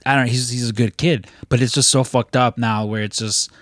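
A man's voice: medium pitch, steady tone, brisk, a bit bright, no room sound, clean studio sound. A man in casual podcast chat, telling loose, easygoing stories. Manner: easygoing storyteller, loose and rambling.

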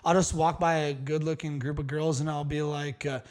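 A man's voice: on the high side, little pitch movement, brisk, a little mellow. A young man hosting a podcast, brash and joking in casual chat with lots of swearing. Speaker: podcast host.

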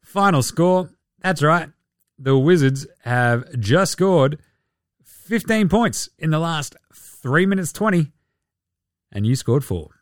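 A man's voice: a little high, animated, takes it slowly, pauses often, dry recording, clean studio sound. A man hosting a casual sports podcast, swearing freely and mocking players with sarcastic impressions. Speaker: podcast host.

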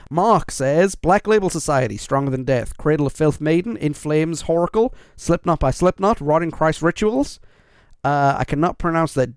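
A man hosting a podcast on his own, reading out listener lists in a casual, upbeat way with quick asides. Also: fairly high pitch, clean tone, no room sound, studio quality. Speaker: podcast host. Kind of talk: casual solo podcast chat.

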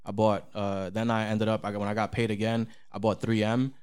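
A man co-hosting a podcast in casual chat, animated and profane, with big pitch swings when he quotes people. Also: fairly quick, clear, resonant tone. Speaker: podcast co-host.

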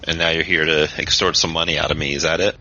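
A man's voice: rumbling low, flat delivery, fast, bright, forceful tone, exaggerated voice. A man voicing a wary, guarded young man who answers in curt, defensive questions. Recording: dull lo-fi podcast audio.

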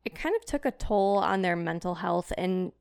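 A woman's voice: lowish voice, expressive, normal speed, gravelly, smooth. A woman hosting a podcast, telling a story in casual chat, rambling with lots of fillers and self-conscious asides. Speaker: podcast host.

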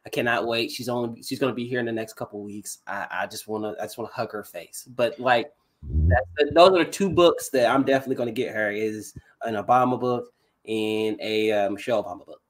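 A man from the Louisville area, chatting casually as a podcast guest, animated and quick to laugh. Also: medium pitch, rough recording. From Louisville area, United States. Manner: animated, excitable, laughs and vents loudly.

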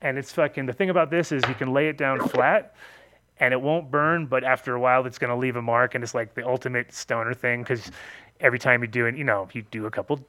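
A man's voice: mid-range voice, steady tone, fast, pushed and bright, no room sound. A man telling loose, rambling stories in casual chat, swearing heavily and laughing often.

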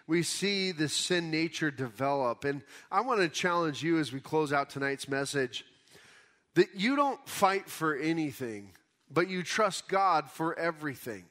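A pastor preaching a conversational sermon, explaining scripture casually in everyday words. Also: male voice, a little high, fairly bright tone. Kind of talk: conversational Bible teaching sermon.

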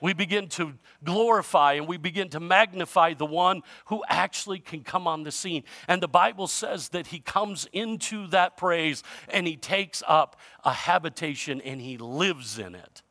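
A man preaching a sermon as a pastor, telling a comic story with animated swings between loud and hushed delivery. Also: fairly high pitch, normal speed, hardly any pauses, dry recording, studio quality.

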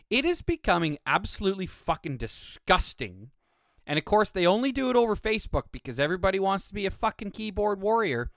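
A man's voice: mid-range voice, a bit bright, clean tone, no echo, studio quality. A man from Canada, hosting a podcast and telling stories in a blunt, heavily swearing, casual way. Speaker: podcast host. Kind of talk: casual profane storytelling.

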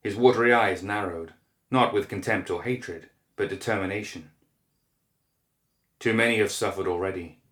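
A man narrating a dark fantasy story in a measured, grave manner, recorded in an echoey room. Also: lowish voice.

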